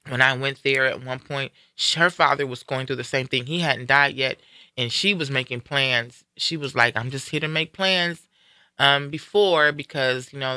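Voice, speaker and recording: Brief: live-stream host, man, very bright and tense tone, dry close sound, earnest and reflective storyteller. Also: medium pitch, no room sound. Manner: earnest, reflective, animated when quoting others. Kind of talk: candid personal storytelling.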